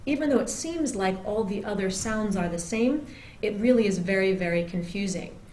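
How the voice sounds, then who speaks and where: A woman's voice: medium pitch, mellow. Woman explaining word stress, lots of ums, stretches out example words, echoey room, faint background hum. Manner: demonstrates words slowly and drawn out; explanatory, with frequent "um" fillers. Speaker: teacher. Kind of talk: pronunciation lesson.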